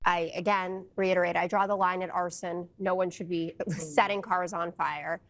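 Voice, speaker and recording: A woman's voice: on the low side, steady tone, moderate pace. Argumentative woman on a panel. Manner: argumentative, builds a case. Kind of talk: studio panel debate.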